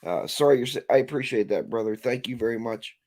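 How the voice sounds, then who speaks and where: A man's voice: mid-range voice, fast talker, darkish tone. A man hosting a casual livestream, ranting and reading viewer comments aloud. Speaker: livestream host.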